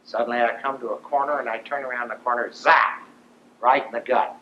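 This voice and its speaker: An older man from Ohio, a veteran, telling his wartime story in a vivid, animated storytelling manner. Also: mid-range voice, brisk, slight background noise. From Ohio, USA. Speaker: veteran speaker. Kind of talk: storytelling talk. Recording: roomy dull lo-fi recording.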